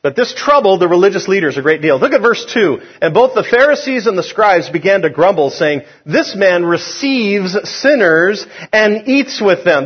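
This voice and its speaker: A man's voice: sits high, husky. A man preaching a sermon as pastor, emphatic and drawing responses from the congregation. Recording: dull lo-fi sound.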